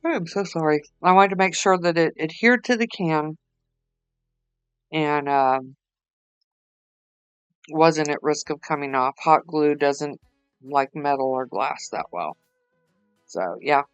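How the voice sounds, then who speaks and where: A woman's voice: low voice, slow, long pauses, clear, resonant tone, dry recording, muffled recording, soft background music. A tired woman, rambling chattily with lots of fillers as she talks through a craft project. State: tired, yawning. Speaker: craft vlogger. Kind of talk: casual voice-over while crafting.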